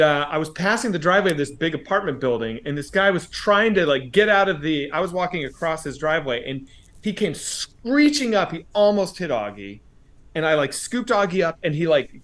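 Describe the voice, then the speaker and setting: A man casually telling a story on a comedy podcast, swearing often and acting out shouted quotes. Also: a little high, big pitch swings, fairly quick.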